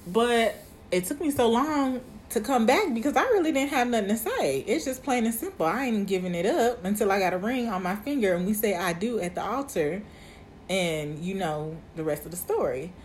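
A woman in her twenties hosts her podcast, speaking candidly and chattily to listeners and saying "y'all." Her medium-pitched, darkish voice has lively intonation and a moderate pace, with slight background noise in this casual monologue.

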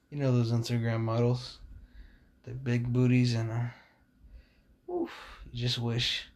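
A man's voice: medium pitch, gravelly, breathy edge. A young man hosting a casual podcast, talking in a blunt, rambling and profane way, full of fillers, with a sore voice. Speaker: podcast host.

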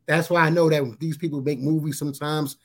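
Guest, male, fairly high voice, stumbling storyteller who repeats words and grows lively at the peaks. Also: husky. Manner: halting, repeats words, often says "you know what I'm saying"; grows animated at high points. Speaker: guest sharing a testimony. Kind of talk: casual spoken testimony.

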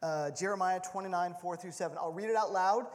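A man preaching a sermon as pastor of a church, playful and animated, often repeating words as he restarts a thought. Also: high voice, fairly quick. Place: church sanctuary. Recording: long hall reverb.

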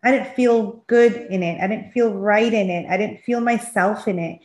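Animated mother telling stories, echoey room. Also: mid-range voice, moderate pace. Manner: animated storytelling, acts out quoted dialogue. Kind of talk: casual chat.

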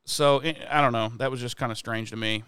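A man co-hosting a podcast, casually recapping a TV episode in a profane, animated way. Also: mid-range voice, fairly quick, clear, resonant tone, no echo. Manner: profane, animated retelling with quoted voices.

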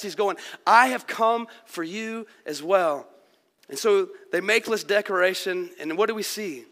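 In a church sanctuary with long hall reverb, a pastor delivers a sermon to his congregation. His voice is high-pitched, pushed and bright, and he speaks earnestly and conversationally, often slipping in "like" and "man."

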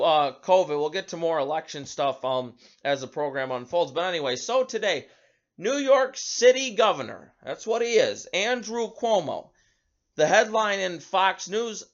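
A man's voice: high-pitched, lo-fi sound. A man hosting a talk show, giving an emphatic opinion monologue and often repeating words as he starts a sentence. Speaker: radio talk show host.

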